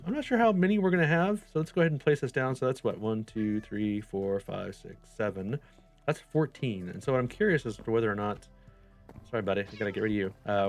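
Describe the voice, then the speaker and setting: A man giving casual gameplay commentary, chatting to the characters on screen, often correcting himself and jumping up in excitement. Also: mid-range voice. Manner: chatty, talks to the game characters, lots of self-corrections; excitable, voice jumps up when pleased. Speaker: gameplay channel host.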